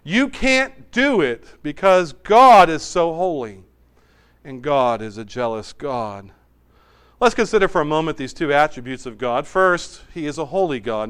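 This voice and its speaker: A man preaching a sermon as pastor, swinging between emphatic raised passages and quiet, hushed asides. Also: on the high side, smooth.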